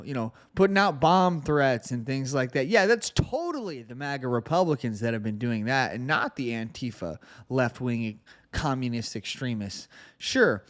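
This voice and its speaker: A man hosting a political podcast, reading news excerpts quickly and answering them with sarcastic commentary. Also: mid-range voice. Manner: sarcastic, reads news quotes aloud fast. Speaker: podcast host.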